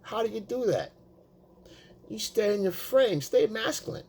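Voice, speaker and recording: A man's voice: sits high, lively intonation, unhurried, darkish tone, breathy edge. A man talking as a dating coach, casual and profane, repeating himself for emphasis. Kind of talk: casual coaching talk to the camera.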